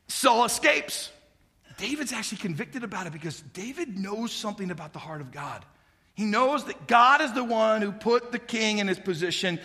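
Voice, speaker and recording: A man's voice: high-pitched, animated, normal speed, pushed and bright. A man preaching a sermon, retelling a story with humor and acting out the characters' lines in changed voices. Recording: long hall reverb.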